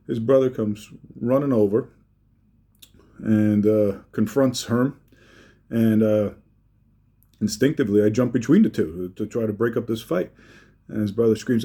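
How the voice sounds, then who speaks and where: Low, warm-voiced man telling a story. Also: slightly rough. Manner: halting, heartfelt, many fillers and restarts. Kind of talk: personal storytelling speech.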